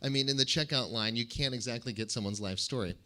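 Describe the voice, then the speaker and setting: Bright-voiced man preaching. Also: mid-range voice, fast talker. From United States. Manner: animated storytelling with gentle humor. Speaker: pastor. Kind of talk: sermon.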